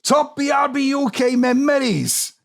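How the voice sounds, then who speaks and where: A man putting on a high sing-song Welsh voice. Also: unhurried, creaky, full character voice. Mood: nostalgic. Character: exaggerated Welsh man reciting a fond memory.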